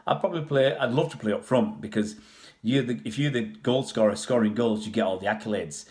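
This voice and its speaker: A man's voice: mid-range voice, fairly quick, darkish tone. A man from Pakistan, raised in England, chatting casually on a livestream and answering viewers' questions in a rambling way. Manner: rambling, chatty, many restarts and fillers.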